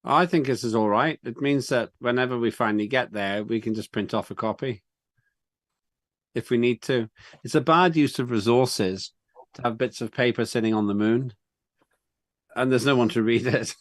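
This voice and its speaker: A man's voice: medium pitch, moderate pace, no echo. Earnest man chairing a meeting. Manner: earnest, reflective, encouraging. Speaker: parliament chair. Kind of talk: online meeting discussion.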